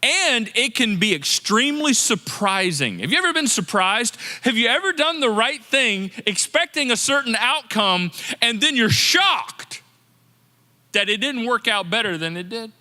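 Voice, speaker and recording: A man preaching a sermon as pastor, in a lively, conversational manner that acts out people's complaints. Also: extremely high pitch, measured pace, long reverb tail. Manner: animated, conversational preaching with quoted inner voices. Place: church sanctuary.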